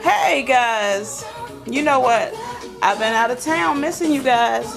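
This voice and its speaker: A woman's voice: fairly high pitch, animated, creaky, music in the background. A woman, hosting a casual, folksy chat to camera. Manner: chatty, folksy, drawn-out emphasis. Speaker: vlog host.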